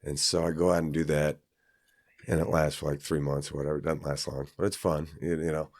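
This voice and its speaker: A man's voice: a bass voice, little pitch movement, a little fast, no room sound, clean studio sound. A man from Kansas, a podcast guest, telling a personal story in a rambling, casual way with many fillers and restarts.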